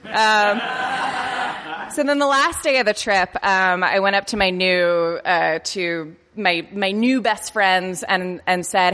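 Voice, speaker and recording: A woman in her late twenties tells a comic story about herself to a live audience. Her voice is bright and forceful, her pitch sits in the middle, and she keeps stumbling, restarting and poking fun at herself. The sound rings with the long reverb of a performance hall. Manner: halting, self-deprecating, stumbles and restarts, laughs at herself. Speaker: live storyteller on a comedy podcast. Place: comedy festival venue.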